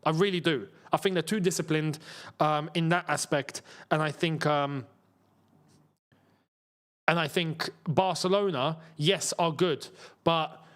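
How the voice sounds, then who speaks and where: A young man hosting a live football watchalong, chatting casually and getting excited as chances come. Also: a little slow, pauses often. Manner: excitable, chatty, jumps to a high pitch when chances come. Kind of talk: live match watchalong commentary.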